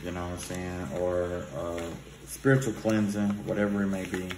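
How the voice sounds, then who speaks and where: A man's voice: low voice, flat delivery, moderate pace, background noise. A man giving spiritual advice in a loose, profane vlog, often tossing in "you know what I'm saying". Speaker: spiritual reader. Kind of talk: casual spiritual vlog talk. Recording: roomy echo.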